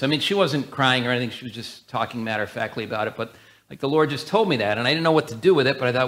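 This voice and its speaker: Earnest, bright-voiced preaching elder. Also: male voice, medium pitch, animated, quick pace. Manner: earnest, conversational preaching with restarts. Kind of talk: sermon.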